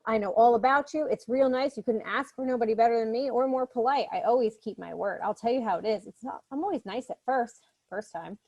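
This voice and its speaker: A woman voicing a smooth-talking young male stalker. She reads his lines in a calm, insistent, coaxing way, close to her own speaking voice. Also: on the high side, a little fast. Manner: coaxing, insistent, calmly threatening.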